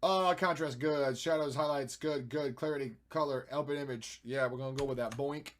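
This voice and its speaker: A man streaming while he edits photos, chatting and thinking aloud, with playful sound effects and jumps between loud and quiet. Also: medium pitch, normal speed. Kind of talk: casual live-stream commentary.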